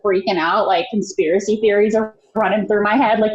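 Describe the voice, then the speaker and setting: A woman's voice: medium pitch, fairly even intonation, a little fast, a little mellow. A woman guest telling a personal story in a casual, candid way, full of fillers and acted-out quotes, on a roomy, dull-sounding recording. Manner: candid, chatty, many fillers, acts out quotes. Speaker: podcast guest.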